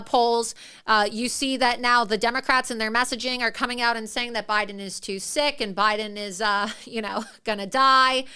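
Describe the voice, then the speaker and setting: A woman's voice: on the high side, pushed and bright, clear, resonant tone. A woman hosting a political talk show, ranting with indignation and laughing mid-sentence. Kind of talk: opinionated political commentary.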